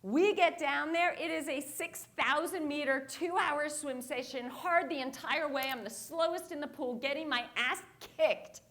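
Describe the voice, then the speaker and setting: A woman's voice: sits high, unhurried, few pauses, a bit bright. A woman giving a motivational talk on stage, telling a story and acting out her own reactions. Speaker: keynote speaker. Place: conference stage.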